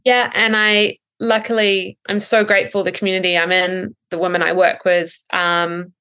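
A woman in her thirties, a breathwork coach, explaining thoughtfully in a podcast interview with frequent ums and soft laughs. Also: fairly low pitch, flat delivery, normal speed, smooth.

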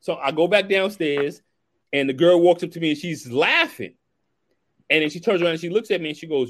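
A man, hosting a casual chat, telling lively stories in slang and acting out the dialogue. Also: on the high side, fast talker. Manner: animated storyteller who acts out dialogue, slangy. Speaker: podcast host.

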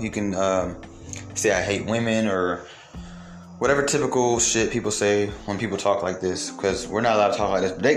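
A man delivering a heated, profane monologue to his viewers, firing off rhetorical questions. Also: lowish voice. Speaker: commentator. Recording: roomy echo, faint music behind.

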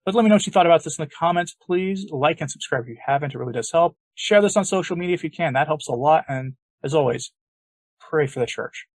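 Husky, emphatic male podcast host. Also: a little high, expressive, fast talker, no room sound. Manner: emphatic, sarcastic, argumentative. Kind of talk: opinion commentary podcast.

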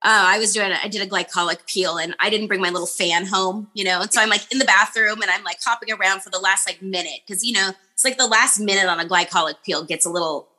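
A woman who works as an esthetician, chatting casually and telling animated stories with frequent laughter. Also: mid-range voice, quick pace, hardly any pauses. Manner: animated storyteller, laughs often. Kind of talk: casual chat.

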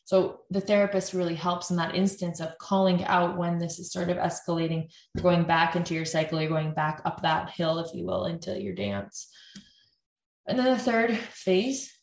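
A woman, a couples therapist, explaining how therapy works and acting out what partners say to each other in quick quoted lines. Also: lowish voice. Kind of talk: explanatory talk. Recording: roomy echo.

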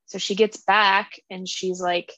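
A woman's voice: mid-range voice, little pitch movement, takes it slowly, a bit bright, no room sound, low-quality recording. A woman hosting a book club podcast, casually retelling a plot in a rambling, filler-heavy way.

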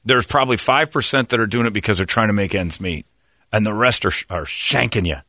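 A man's voice: lowish voice, fairly quick, sharp tone, no echo, studio quality. A man hosting a casual radio talk show, blunt and opinionated, laughing often. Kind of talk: casual banter on air.

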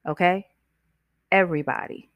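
Steady in tone and fairly low in pitch, this woman hosts a self-help podcast at normal speed, chatting with listeners and asking them questions as she motivates them. She performs the voices of characters in her stories, and the recording is dry.

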